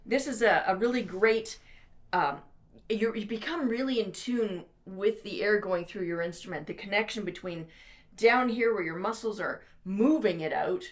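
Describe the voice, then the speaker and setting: A woman teaching trumpet in an instructional video, coaching encouragingly with breath cues and demonstrations. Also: mid-range voice.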